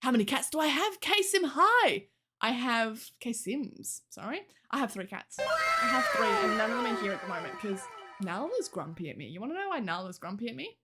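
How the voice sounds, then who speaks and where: Woman streamer, casual, swears and laughs a lot, talks to chat; voice sits a bit high and moves around a lot. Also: big pitch swings, moderate pace, bright, forceful tone, soft background music. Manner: chatty, laughs often, swears casually, reads chat aloud. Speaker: livestreamer. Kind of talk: casual chat with live viewers.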